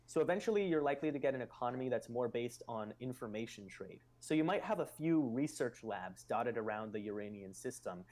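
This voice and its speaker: A man's voice: medium pitch, darkish tone. A man hosting a live stream, explaining ideas in casual chat and musing aloud with loose fillers.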